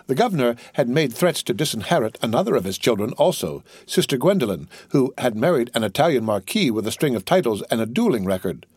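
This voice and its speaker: Husky, lively male storyteller. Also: medium pitch, no echo. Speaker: audiobook narrator. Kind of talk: scripted narration of a novel.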